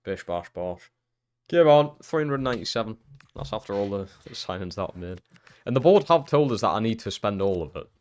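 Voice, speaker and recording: A young man with a low, deep voice commentates his own football game on a live stream. He chats loosely and swears often, then bursts into loud, excited shouts when something big happens on the pitch. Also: fairly quick.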